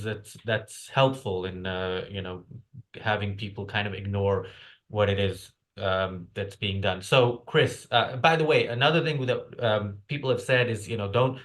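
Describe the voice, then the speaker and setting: Low-voiced hesitant male host. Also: a bit bright. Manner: hesitant, many filler words and restarts. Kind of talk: casual online talk show. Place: lives in the UK.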